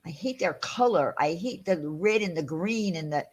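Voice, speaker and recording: A woman's voice: on the low side, expressive, normal speed, few pauses. A woman hosting her own channel, giving blunt, emphatic opinions in a casual rant. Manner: blunt, ranting, emphatic dislikes. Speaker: YouTube channel host.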